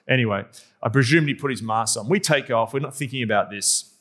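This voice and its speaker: A man's voice: fairly low pitch, quick pace, fairly bright tone. A male pastor delivering a sermon as humorous, self-deprecating anecdotal storytelling.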